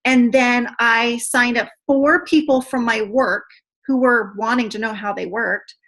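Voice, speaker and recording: Woman, excitable, chatty, higher voice, video call. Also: unhurried. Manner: chatty and excitable, says "you guys" a lot. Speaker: team trainer. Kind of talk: online video call training.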